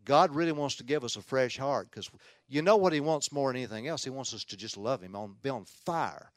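A man preaching a sermon as a Baptist pastor, in an ordinary mid-range voice. He tells his story with earnest swings from hushed asides to loud emphasis, often restarting words. The sound is dry and close. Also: mid-range voice, animated, brisk, no echo.

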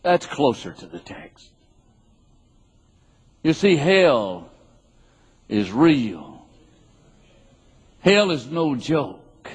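A man's voice: mid-range voice, breathy edge. A man preaching a sermon, reading scripture and repeating key words for emphasis. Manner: emphatic and repetitive, drilling key words home. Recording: live sermon in a reverberant hall.

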